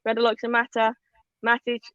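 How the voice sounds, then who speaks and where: A woman co-hosting a casual live football talk show, chatty and animated, reading out viewer comments. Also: a little high, fast, dry recording, dull audio. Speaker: podcast co-host.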